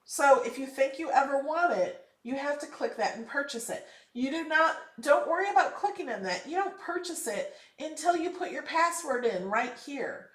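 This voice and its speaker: An upbeat woman hosting a live craft lesson, chatting and encouraging viewers with firm emphasis when she gives advice. Her voice sits a touch higher than most women's. It is recorded in an echoey room, a little away from the mic. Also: lively intonation, normal speed, few pauses, fairly bright tone, far from the mic. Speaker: craft channel host. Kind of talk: casual live tutorial.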